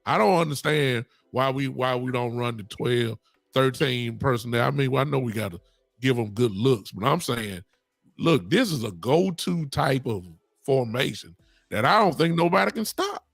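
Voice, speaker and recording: A man hosting a sports podcast, talking excitably and preaching to his listeners. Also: mid-range voice, moderate pace, vocal fry, dry recording. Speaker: podcast host. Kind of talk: animated sports talk.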